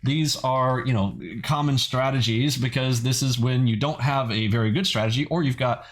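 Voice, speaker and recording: A man's voice: medium pitch, moderate pace. A man hosting a trading channel in a casual, blunt and skeptical way, often adding "okay" as he talks. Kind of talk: casual video commentary.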